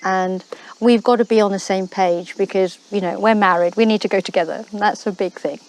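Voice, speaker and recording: A middle-aged woman from the United Kingdom, a missionary guest telling her story in an animated way, laughing often. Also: medium pitch, brisk. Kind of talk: storytelling in a faith talk show.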